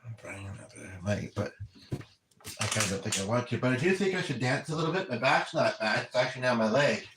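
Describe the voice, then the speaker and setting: A spiritual medium relays messages during a casual livestream chat, earnest and rambling, often stopping mid-thought to restart. His medium-pitched voice is expressive and a little fast, recorded far from the mic in a roomy, echoey space with faint noise.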